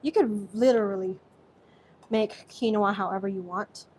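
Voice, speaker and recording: A woman's voice: medium pitch, normal speed, darkish tone. A young woman with an American accent hosting a live cooking stream from her kitchen, chatty and effusive as she thanks viewers by name. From Singapore. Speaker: host.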